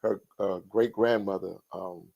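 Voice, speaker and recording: Male co-host, middle-aged, gravelly, drawling casual banter. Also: deep voice, fairly even intonation, measured pace, darkish tone. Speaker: radio show co-host. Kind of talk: casual chat.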